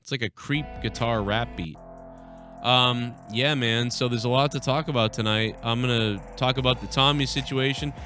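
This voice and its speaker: A man's voice: mid-range voice, fairly even intonation, moderate pace, bright, forceful tone, soft background music. Ranting, profane male stream host. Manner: ranting, profane, quotes people in raised voices. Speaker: podcast host. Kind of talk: casual live-stream talk.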